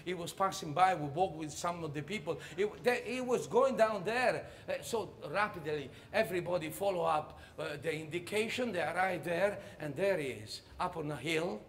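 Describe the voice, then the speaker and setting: High-voiced storyteller. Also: male voice, a little hiss or hum. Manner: animated, halting, laughing through the story. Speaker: stage performer. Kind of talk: comic storytelling monologue.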